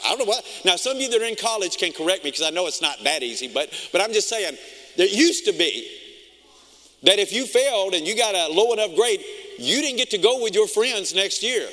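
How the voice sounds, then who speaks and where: Middle-aged male pastor, high bright voice, lively storyteller, long reverb of a church hall. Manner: animated storytelling, acts out his own reactions. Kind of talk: sermon.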